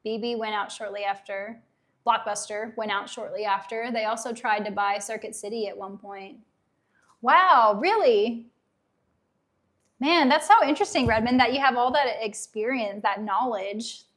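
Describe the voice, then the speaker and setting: A woman's voice: a little high, normal speed, fairly bright tone. Chatty Southern woman on a livestream. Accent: light Southern US. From Tennessee, USA. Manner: chatty, upbeat, laughs easily, reads viewer comments aloud. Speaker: livestream host. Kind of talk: casual livestream chat.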